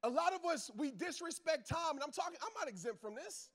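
A man's voice: very high-pitched, expressive, a little fast, a bit bright. A man giving a motivational talk to a crowd, emphatic and preachy, repeating his key lines in casual slang. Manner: casual Southern slang, talks straight to the crowd. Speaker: motivational speaker; football coach, father. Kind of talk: motivational speech to a live audience.

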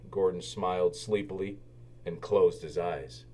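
A man reading a children's storybook aloud, with expressive, animated narration. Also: mid-range voice, unhurried, a little hiss or hum. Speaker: children's book reader.

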